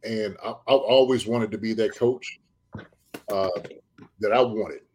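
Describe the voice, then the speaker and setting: A man's voice: lowish voice, steady tone, a little mellow, a little hiss or hum. A man hosting a football podcast, chatting casually and readily agreeing with his guest. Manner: agreeable, chatty, backs the guest with quick yeahs. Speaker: podcast host. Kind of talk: casual interview chat.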